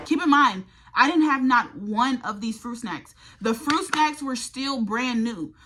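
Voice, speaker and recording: In a storytime vlog about college, a young woman sounds exasperated and curses casually. She speaks on the high side, in a sharp tone.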